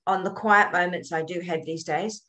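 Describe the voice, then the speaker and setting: A woman's voice: lowish voice, steady tone, moderate pace, sharp tone. Older woman hosting an interview. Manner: encouraging, frequent affirmations. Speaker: host, author. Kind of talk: interview chat.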